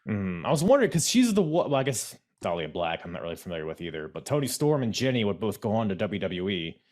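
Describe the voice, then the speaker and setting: A man's voice: lowish voice, sing-song, fast, a little mellow. A man co-hosting a podcast in casual chat, rambling and correcting himself as he goes. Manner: rambling, self-correcting, gestures while talking. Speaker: podcast co-host. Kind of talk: casual chat recapping wrestling.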